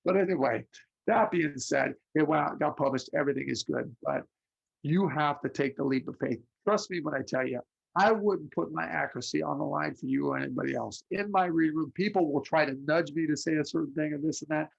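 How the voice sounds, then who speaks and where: A man giving a psychic reading, telling stories with lively acted-out voices. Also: fairly high pitch, brisk, gravelly, husky. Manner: animated storyteller, acts out voices in anecdotes. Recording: lo-fi muffled audio.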